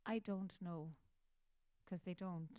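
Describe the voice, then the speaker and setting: A woman's voice: lowish voice, fairly even intonation, slow pace, warm tone, no room sound. An Irish woman, a musician hosting her own show, chatting casually in a rambling, self-mocking way. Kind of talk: casual chat.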